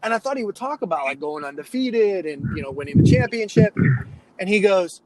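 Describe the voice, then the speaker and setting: A youth sports coach with a high-pitched voice speaks briskly as a podcast guest, and the low-quality recording carries slight hiss or hum. He tells animated stories in the casual interview, acting out the kids he quotes.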